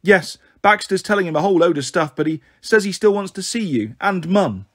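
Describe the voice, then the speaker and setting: A man's voice: high voice, lively intonation, brisk, fairly bright tone, no echo, studio quality, pitched above the performer's own voice. A man voicing an eager little girl, a younger sister, speaking earnestly.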